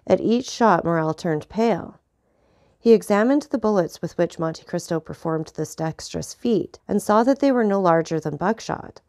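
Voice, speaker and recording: Woman narrator, audiobook, low voice, steady clear reading, dry close recording. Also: normal speed, no room sound. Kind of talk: audiobook narration of a classic novel.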